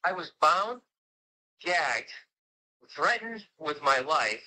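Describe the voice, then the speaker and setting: A man's voice: fairly high pitch, big pitch swings, slow, sharp tone, rough recording. A man on a livestream, talking insistently and pleading to be heard. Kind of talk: heated call-in talk.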